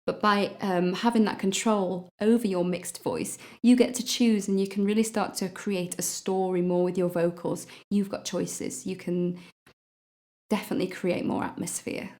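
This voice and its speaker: A woman's voice: medium pitch, fairly even intonation, normal speed, a little mellow. A woman teaching a singing lesson, explaining patiently and stopping to demonstrate notes with her voice. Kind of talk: vocal lesson.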